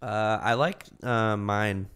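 Joking male comedian, bright and clear. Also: fairly low pitch, steady tone, takes it slowly. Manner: loose, joking, laughs often. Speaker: comedian guest. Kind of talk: casual podcast chat.

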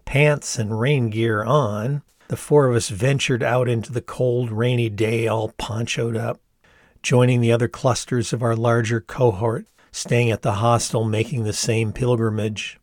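A man in his sixties reading his own memoir aloud in a measured, reflective and candid way, as audiobook narration. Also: mid-range voice, little pitch movement, a little mellow, no room sound, studio quality. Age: 60s.

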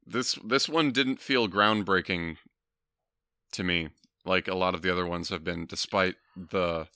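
Deep-voiced man, dry close sound. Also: bright, forceful tone, clear, resonant tone, no echo. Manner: measured, hesitant, restarts thoughts. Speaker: podcast co-host. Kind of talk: casual film chat.

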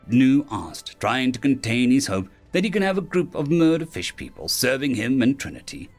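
A man narrating a fantasy web novel audiobook with expressive storytelling. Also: mid-range voice, moderate pace, few pauses, soft background music. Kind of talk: scripted narration.

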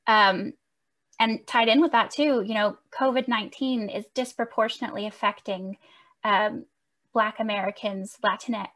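A woman hosting a podcast interview, speaking in a thoughtful, measured way as she leads into her questions. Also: mid-range voice, steady tone, fairly bright tone. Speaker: podcast host.

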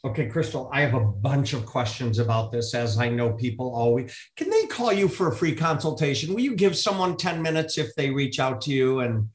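A man's voice: mid-range voice, animated, brisk, hardly any pauses. A man hosting a podcast interview, talking in a friendly, rambling way. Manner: friendly, rambling, self-deprecating. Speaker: podcast host. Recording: roomy echo.

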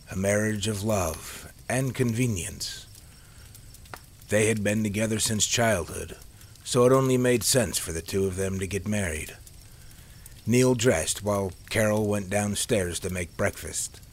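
A man narrating an audiobook story with a steady, measured reading. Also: low-pitched, a little hiss or hum.

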